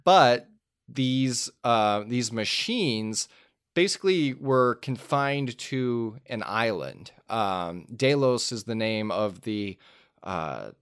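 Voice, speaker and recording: A man's voice: mid-range voice, takes it slowly, clean tone, no room sound, studio quality. A man chatting casually about movies, rambling through a fan theory with lots of fillers. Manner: rambling, animated storytelling with fillers. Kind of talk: casual film discussion.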